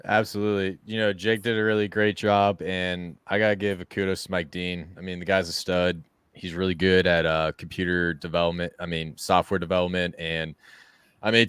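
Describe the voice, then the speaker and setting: Lowish smooth guy hosting a crypto chat, gets loud and excited telling stories, dry close sound. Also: no echo. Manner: animated storyteller, swings loud when excited. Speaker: podcast host. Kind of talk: casual crypto interview chat.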